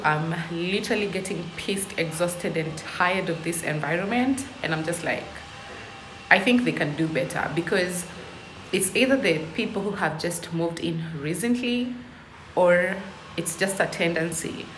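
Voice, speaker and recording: A woman's voice: lowish voice, normal speed. A young woman vlogging casually at home, ranting in exasperation with lots of emphatic "literally". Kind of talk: casual vlog monologue. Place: indoors at home. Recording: echoey room, faint ambient noise.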